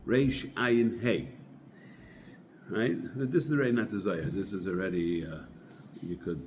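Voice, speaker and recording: A man's voice: deep voice, a little slow, darkish tone, slight background noise. Man telling a Torah parable. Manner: conversational storyteller, sprinkles religious terms. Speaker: Torah teacher. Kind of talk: informal Torah talk with parable.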